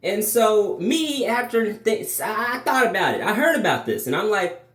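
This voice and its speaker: A young man telling a storytime vlog, swearing, restarting sentences, animated. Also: high-pitched, normal speed, echoey room. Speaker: vlogger.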